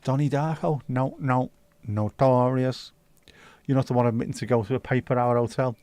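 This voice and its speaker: Male host, mid-pitched, easygoing and sweary, dry sound. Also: fairly even intonation, rapid-fire, warm tone, no room sound. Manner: laid-back, sweary banter. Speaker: livestream host. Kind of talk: casual chat reading viewer comments.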